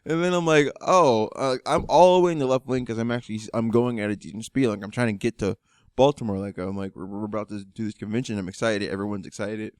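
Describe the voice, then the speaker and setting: A young man co-hosting a podcast, telling a road trip story with lively acted-out quotes. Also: lowish voice, fast talker, smooth, no echo, studio quality. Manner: animated storyteller, acts out quotes. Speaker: podcast co-host. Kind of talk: casual chat.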